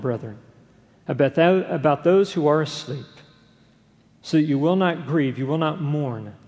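A pastor with a fairly high-pitched, darkish voice delivers a sermon in a large hall, the recording carrying its long reverb. His preaching is earnest and emphatic, full of repeated phrases.

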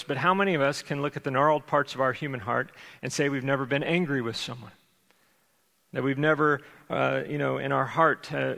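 Man, middle-aged, pastor, conversational sermon, gravelly voice, long hall reverb. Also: mid-range voice, a bit bright. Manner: conversational preaching with self-deprecating humor.

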